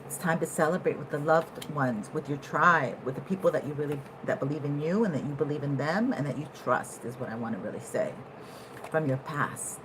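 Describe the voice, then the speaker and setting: Woman, lower voice, chatty tarot reader, swings between hushed musing and loud laughing outbursts; faint room hum behind. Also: fairly quick. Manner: animated, laughing, swings from low musing to loud excited bursts. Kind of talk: casual tarot reading to camera.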